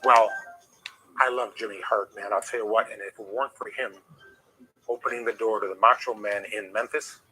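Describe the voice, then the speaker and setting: A middle-aged man, a former wrestler, telling rambling, animated stories as an interview guest. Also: on the low side, moderate pace, noisy background. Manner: rambling, animated anecdotes with restarts. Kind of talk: casual storytelling.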